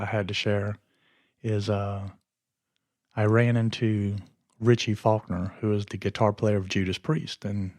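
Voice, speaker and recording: A podcast host tells a story in a casual, rambling monologue, often losing his train of thought. His voice is lowish with a darkish tone, and the studio-quality recording has no echo.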